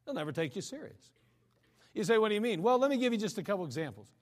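A man's voice: high-pitched, sing-song, fast, in a large hall. A man preaching a sermon in a conversational way, acting out the voices of people he quotes. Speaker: pastor.

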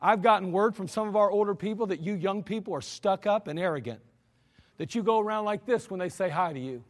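A high-voiced man preaching a blunt, scolding sermon from the pulpit. His voice rings out with a long reverb through a church hall. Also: fairly quick. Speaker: pastor.

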